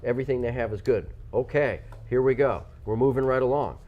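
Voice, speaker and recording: A man's voice: mid-range voice, fairly quick, muffled recording. A man co-hosting a live local TV shopping show, chatty and talkative, who jumps now and then into a mock tough-guy voice. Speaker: local TV co-host. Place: TV studio.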